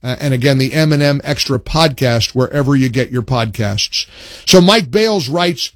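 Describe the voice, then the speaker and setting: Emphatic talk radio host, dry studio sound. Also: male voice, medium pitch, expressive, no echo. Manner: emphatic, reads a post aloud with slow punchy stress.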